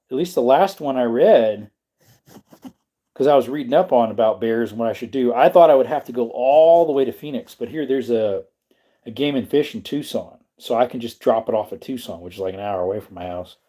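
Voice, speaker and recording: Mellow man chatting on a livestream. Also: mid-range voice, lively intonation, brisk. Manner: rambling, reads and answers chat. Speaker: livestream host. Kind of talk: casual livestream chat.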